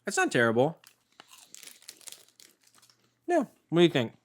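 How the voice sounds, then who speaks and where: A man's voice: fairly high pitch, wildly swooping pitch, a little slow. A young man co-hosting a casual food-tasting podcast, joking around, interrupting and slipping into silly bits as he reviews snacks. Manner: playful, jokey, interrupts, slips into silly bits. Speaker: podcast co-host.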